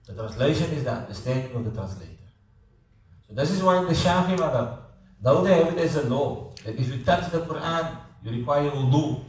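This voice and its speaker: Echoey lecturer. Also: male voice, on the high side, lively intonation, brisk. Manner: conversational, repeats words, checks understanding. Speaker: teacher. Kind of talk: classroom lecture. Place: classroom. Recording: echoey classroom, voice from far off.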